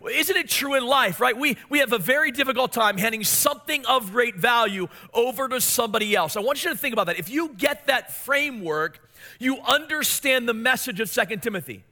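A man's voice: extremely high pitch, fairly quick. A man in his forties preaching a sermon, telling family stories and asking his listeners questions. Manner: storytelling, animated, asks the congregation questions. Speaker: pastor.

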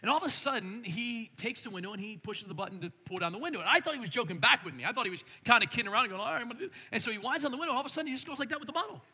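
A middle-aged man preaching a sermon as pastor, telling stories in an animated way and swinging between quiet and loud. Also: very high-pitched, racing, few pauses, breathy edge, in a large hall.

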